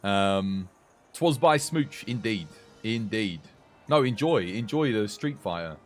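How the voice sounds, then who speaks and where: A man's voice: fairly low pitch, animated, slow, soft background music. A British man chatting casually with his live-stream viewers, rambling and answering chat. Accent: British English. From United Kingdom.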